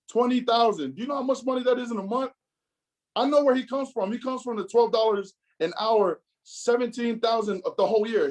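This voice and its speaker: A man in his thirties giving an animated motivational talk, acting out quotes as he tells his story. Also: high-pitched, low-quality recording. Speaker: business speaker.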